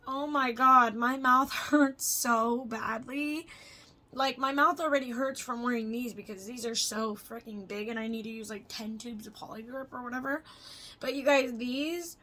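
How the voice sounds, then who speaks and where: Her voice is on the high side and a bit bright as this young adult woman chats through a laid-back vlog. The talk wanders, full of filler words and frequent profanity.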